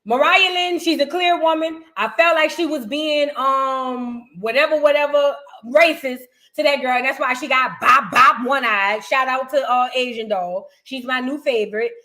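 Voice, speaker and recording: A woman's voice: sits high, normal speed, hardly any pauses, sharp tone. A woman hosting her own commentary channel, talking in a rambling, slangy and blunt way. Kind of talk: casual reaction commentary.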